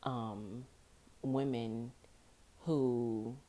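A woman hosting a podcast alone, talking casually and informally with a rough morning voice, repeating phrases for emphasis. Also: rumbling low, steady tone, drawn-out words, warm tone. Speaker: podcast host. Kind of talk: casual solo podcast monologue.

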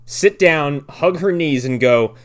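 A man's voice: on the high side, lively intonation, slow pace, fairly bright tone. A man chatting casually about a movie, sarcastic and profane, mocking the characters' lines. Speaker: podcast co-host. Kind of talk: casual movie-review chat.

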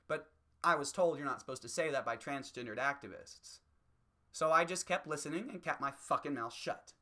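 A man's voice: on the high side, animated, moderate pace, sharp tone. A man doing a heated, profane stand-up rant as a comedian.

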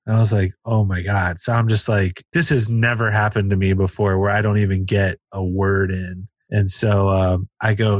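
A man from Cincinnati, a stand-up comedian, telling an animated story in casual chat and acting out the voices in it. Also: lowish voice, normal speed, dry recording. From Cincinnati, USA. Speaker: comedian guest.

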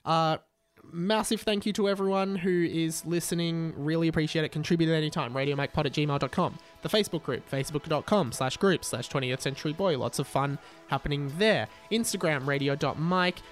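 A man's voice: a little high, brisk, soft background music. A man hosting a podcast, reading a story aloud and mocking it with wry asides. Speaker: podcast host. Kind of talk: comic reading and commentary.

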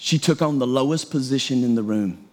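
A man's voice: medium pitch, fairly quick, darkish tone. A middle-aged male pastor preaching a sermon in a conversational, self-deprecating way.

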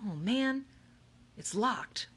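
A woman's voice: mid-range voice, animated, extremely slow, a bit bright, husky, pitched above the performer's own voice, exaggerated voice. A woman voicing an eager, upbeat teenage boy who exclaims readily. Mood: excited.

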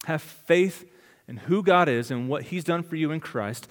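High-voiced man preaching in a reverberant hall. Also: unhurried. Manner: dramatic preaching with rhetorical questions, swinging between loud and hushed. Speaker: pastor. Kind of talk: sermon.

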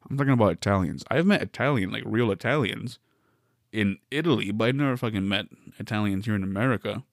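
In a lowish voice, a West Coast podcast host runs solo through a winding, wry comedic monologue, interrupting himself often. The audio is studio quality, without echo.

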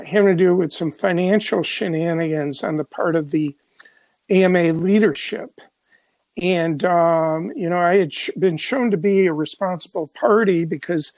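A man's voice: sits high, darkish tone, no room sound. An older man from Chicago, a journalist telling stories in an interview, rambling with many fillers and restarts. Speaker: journalist guest. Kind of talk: conversational storytelling.

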